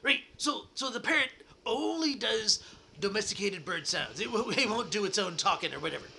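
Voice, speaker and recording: A man's voice: sits high, lively intonation, a little fast, vocal fry, sharp tone, a little hiss or hum. A man hosting his own show, telling a joke in a hammy pretend-pirate voice and chuckling along. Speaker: podcast host.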